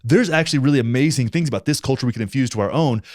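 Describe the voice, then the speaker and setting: Fast-talking, fired-up male podcast host. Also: medium pitch, darkish tone, no echo, clean studio sound. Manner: heated, blunt, swears freely. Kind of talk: casual conversational podcast.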